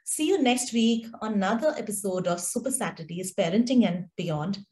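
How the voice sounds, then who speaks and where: A woman's voice: medium pitch, animated, moderate pace, a little mellow. A woman host closing an episode with cheerful, formal sign-off lines. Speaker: show host. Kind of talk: scripted show sign-off.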